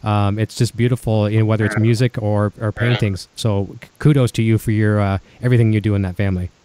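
A man's voice: lowish voice, steady tone, fast, dark tone, no room sound. A man with a Canadian accent hosting a casual online chat show, upbeat and effusive with his guests. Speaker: show host. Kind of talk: casual video-call chat.

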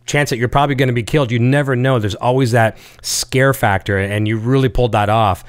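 Brief: eager male interviewer, quick, smooth and clear delivery. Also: mid-range voice, fairly even intonation. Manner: quick, enthusiastic, reads viewer questions. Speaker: interview host. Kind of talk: casual interview chat.

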